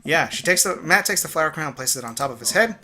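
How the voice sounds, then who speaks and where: A young man streaming a game, chatting excitably and cursing, rambling between game lines. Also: on the high side, quick pace, slight background noise. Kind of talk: let's play commentary.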